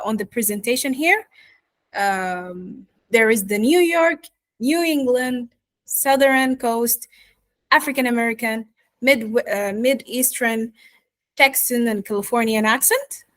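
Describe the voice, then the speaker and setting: A woman's voice: a little high, a bit bright, dry recording. A woman coaching accents in an online course lecture, explaining step by step and speaking straight to her students. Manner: explanatory, addresses students directly.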